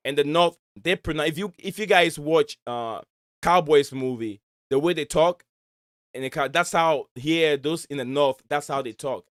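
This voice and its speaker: A man's voice: on the high side, normal speed, no echo. A man hosting a casual live stream, rambling and searching for words as he chats. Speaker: stream host. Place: home in Michigan.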